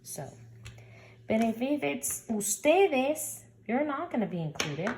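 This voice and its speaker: A woman's voice: on the high side, very animated, slow, darkish tone, slight background noise. A woman teaching a recorded Spanish grammar lesson, patiently explaining and sounding out example words.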